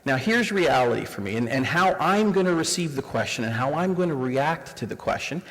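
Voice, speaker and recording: A man's voice: on the high side, expressive, brisk, a bit bright. A Canadian man in his forties giving a live diversity workshop, engaging the audience with rhetorical questions. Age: 40s. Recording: reverberant room sound.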